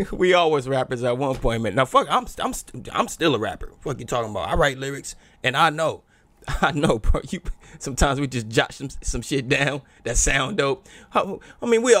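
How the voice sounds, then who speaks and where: A young adult man hosting a casual reaction video, slangy and animated, bursting into loud exclamations. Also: mid-range voice, dry recording.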